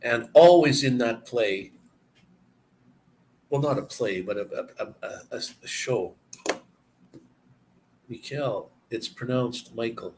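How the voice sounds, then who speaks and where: A man's voice: medium pitch, slow, darkish tone, slight background noise, low-quality recording. A man hosting a live stream, chatting casually and rambling from one story to the next with chuckles.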